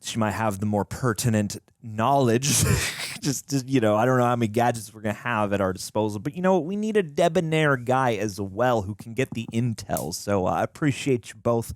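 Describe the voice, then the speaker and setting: A man's voice: medium pitch, fairly quick, dry recording, clean studio sound. A man hosting a casual movie reaction chat, enthusiastic and rambling, with frequent restarts. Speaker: host.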